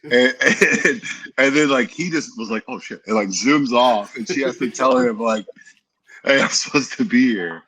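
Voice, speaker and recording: A man's voice: mid-range voice, moderate pace, pushed and bright. A young man, a podcast guest, telling stories in a laid-back, teasing way. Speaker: podcast guest, football lineman. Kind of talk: casual storytelling chat.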